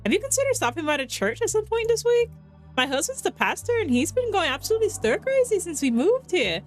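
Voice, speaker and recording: A woman's voice: medium pitch, huge pitch swings, quick pace, faint music behind. A woman voicing a chatty, kindly middle-aged pastor's wife with a put-on accent. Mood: gushing.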